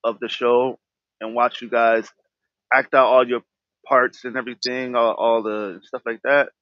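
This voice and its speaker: A man's voice: mid-range voice, flat delivery, unhurried, no room sound. Rambling man host, dry lo-fi sound. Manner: rambling, restarts, says "wow" often. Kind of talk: casual interview.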